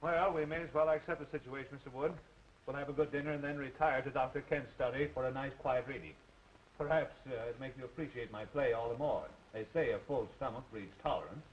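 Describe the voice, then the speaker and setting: A man's voice: mid-range voice, quick pace, natural voice. Man playing a genial, persuasive playwright. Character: smooth male playwright host. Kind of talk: 1930s film acting. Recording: dull 1930s film soundtrack, faint hiss.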